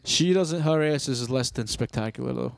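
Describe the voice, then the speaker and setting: A man's voice: mid-range voice, normal speed, gravelly. A man co-hosting a podcast, talking bluntly and crudely and teasing his friends. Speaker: podcast co-host. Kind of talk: casual crude banter.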